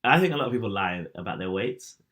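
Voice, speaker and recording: A man's voice: on the low side, animated, fast, a bit bright. Podcast guy, bouncy up and down voice, teasing his cohost, laughs loads. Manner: chatty, teasing, laughs a lot. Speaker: podcast co-host. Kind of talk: casual chat.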